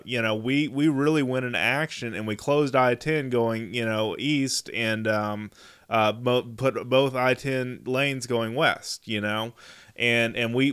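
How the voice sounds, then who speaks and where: A man's voice: mid-range voice, a bit bright, clear, resonant tone. A man hosting a radio interview, talking in a folksy, rambling way. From Texas. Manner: folksy, rambling, many fillers and restarts. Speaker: radio show host.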